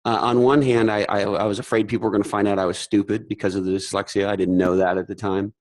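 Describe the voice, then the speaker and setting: Casting note: low, dry-sounding male podcast host, rambling and profane. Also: flat delivery, a little mellow, dry recording, low-quality recording. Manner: rambling, halting, swears casually. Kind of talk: casual storytelling chat.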